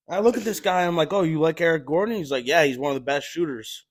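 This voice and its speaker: Animated storytelling man, dry close sound. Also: fairly high pitch, fast, hardly any pauses, no room sound. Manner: animated, swearing, laughing through stories. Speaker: podcast guest telling stories. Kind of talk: casual storytelling chat.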